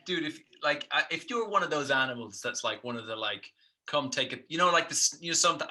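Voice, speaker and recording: A podcast co-host talks in a loose, rambling way, spinning silly tangents into comic bits. His voice is very bright and forward in tone. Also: medium pitch. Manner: rambling, jokey, riffing on absurd bits. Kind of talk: casual comedic chat.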